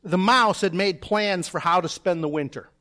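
A man's voice: high voice, normal speed, pushed and bright. A man preaching a sermon from a church pulpit, seated, easing in with self-deprecating stories and chatty asides. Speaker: pastor. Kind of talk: sermon with personal anecdote.

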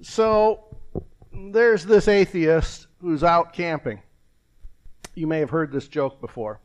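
An older man preaching a folksy, rambling sermon with a joke, pausing and restarting often. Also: fairly high pitch. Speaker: pastor.

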